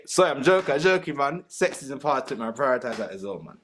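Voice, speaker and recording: A man's voice: mid-range voice, big pitch swings, quick pace, a bit bright. A man, a panelist talking in a crude, joking, slangy way about relationships. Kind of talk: casual panel talk.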